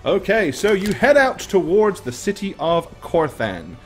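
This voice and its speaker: A man narrating a tabletop game as game master, relaxed and full of ums. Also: high voice, unhurried, soft background music. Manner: relaxed, hesitant with many ums.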